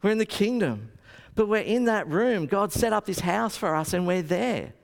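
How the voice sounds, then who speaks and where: A man preaching a sermon, his voice lively and swinging up and down in pitch. He tells stories and acts out the quotes as he goes. The sound is a little high for a man and carries a long hall reverb. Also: moderate pace, vocal fry. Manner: storytelling, animated, acts out quotes. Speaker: pastor.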